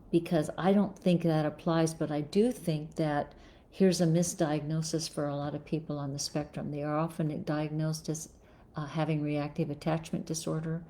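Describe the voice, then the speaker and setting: Low, mellow-voiced woman psychologist. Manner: thoughtful, frequent fillers and restarts. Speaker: psychologist hosting a live Q&A. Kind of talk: live-stream advice talk, reading viewer comments.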